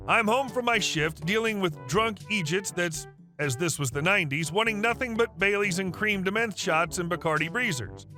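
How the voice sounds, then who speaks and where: A man's voice: high voice, pushed and bright. A man narrating online stories in a wry, dry scripted manner.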